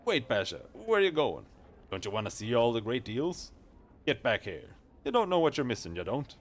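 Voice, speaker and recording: A man voicing a pushy, fast-talking male street merchant in a game, with wheedling slangy sales patter. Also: medium pitch, wildly swooping pitch. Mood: pleading.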